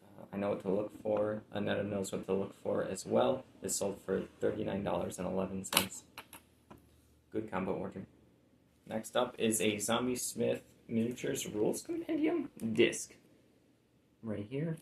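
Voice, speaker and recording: A man's voice: fairly low pitch, lively intonation, moderate pace, vocal fry, roomy sound, slight background noise, low-quality recording. A man chatting casually about items he has sold, laid-back and rambling with lots of fillers. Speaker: reseller showing sold items. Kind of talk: casual chat.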